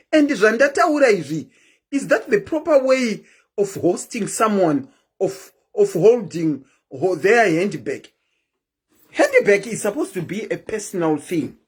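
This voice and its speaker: A woman's voice: medium pitch, husky. A woman hosting a live stream, chatting casually and keeps asking her viewers questions.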